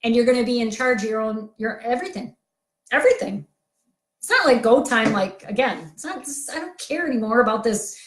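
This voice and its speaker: A woman coach giving a blunt, energetic motivational talk to camera. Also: fairly high pitch, fairly quick, echoey room. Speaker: coach for sensitive people.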